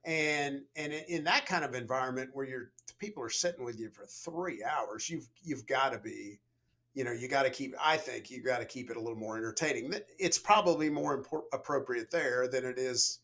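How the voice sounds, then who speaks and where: A middle-aged man, a leadership coach, chatting as a podcast guest and telling stories in a relaxed way, full of "you know". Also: mid-range voice, fairly quick. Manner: storytelling, relaxed, frequent "you know" fillers. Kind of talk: conversational podcast interview.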